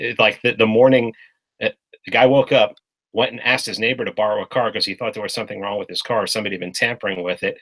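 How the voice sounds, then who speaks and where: A man talks in a casual political discussion with a low-pitched but bright, edgy voice. He speaks bluntly, swears freely and keeps restarting his sentences mid-thought. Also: low-quality recording. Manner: blunt and profane, with frequent restarts. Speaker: podcast guest.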